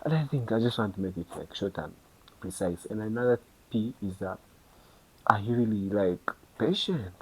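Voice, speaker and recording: Speaking to camera as a podcast host, this young Ugandan-accented man keeps things chatty, packs in "you know" fillers, and plays out small dialogues. His fairly low, slightly rough voice moves at a moderate pace with lively intonation, captured on a rough recording.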